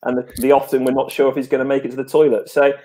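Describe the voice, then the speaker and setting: A man's voice: mid-range voice, little pitch movement, rapid-fire, mellow, a little hiss or hum. A man co-hosting a casual live stream, easygoing and self-mocking as he chats about family. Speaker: co-host.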